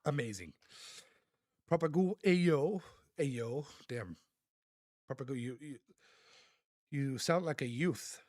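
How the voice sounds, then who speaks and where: Male streamer, mid-pitch, chatty and grateful, reading chat aloud, dry room. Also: lively intonation, slow, pauses often, a little mellow, no room sound. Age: adult. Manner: reads chat aloud, laughs often, thanks viewers. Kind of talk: casual live-stream chat.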